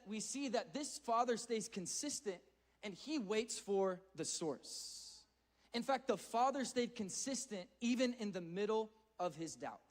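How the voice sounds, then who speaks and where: A man giving an earnest, conversational sermon to a youth audience, often repeating words as he speeds up. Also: high-pitched. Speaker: youth speaker.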